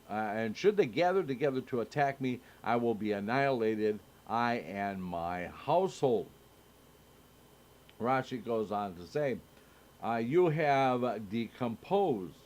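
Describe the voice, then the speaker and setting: Guy reading scripture real slow, lots of uhs, mid-pitched voice. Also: expressive. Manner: slow, halting reading with many filler sounds. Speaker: Torah study teacher. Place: synagogue.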